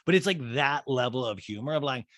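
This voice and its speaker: A man from Kansas hosting a podcast, recapping TV with rambling, animated comedy and frequent laughs. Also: medium pitch, a little fast, no echo, clean studio sound. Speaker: podcast host.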